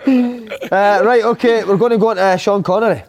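A man's voice: high voice, moderate pace. A man hosting a casual football chat, teasing and asking questions. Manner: teasing, asks lots of questions. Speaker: host.

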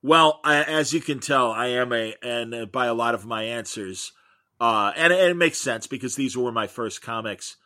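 A middle-aged man talks as a guest in a relaxed interview. He rambles through long stories with real enthusiasm, and his voice sounds bright and lively. The sound is close and dry, with no room around it. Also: mid-range voice, moderate pace, no echo. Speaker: guest, comics podcaster. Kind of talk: casual interview chat.

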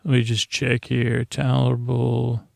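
Gravelly, flat-voiced man rambling slowly. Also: medium pitch, no echo, clean studio sound. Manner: meandering, halting, full of "uh" fillers and self-corrections. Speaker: podcast host. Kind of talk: rambling sleep-podcast episode recap.

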